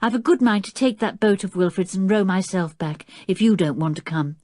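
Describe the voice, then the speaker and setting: A woman voicing a quiet young girl who has turned fierce, bold and stubborn, speaking in an indignant, spirited way in a storybook reading. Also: mid-range voice, a little fast, no room sound, clean studio sound, natural voice. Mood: demanding.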